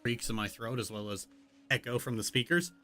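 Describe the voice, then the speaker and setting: A man's voice: medium pitch, steady tone, brisk, bright, forceful tone. A man casually chatting while streaming a video game, joking and explaining things with frequent restarts, on a mic with a noise gate. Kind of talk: casual gaming chat. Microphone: headset or desk mic with noise gate.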